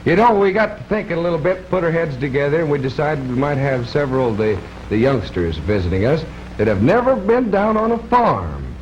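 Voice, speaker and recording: A man's voice: mid-range voice, a little hiss or hum. A man hosting an old-time variety show in a cheery, folksy way, talking to the kids watching. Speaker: TV show host. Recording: dull lo-fi old TV audio.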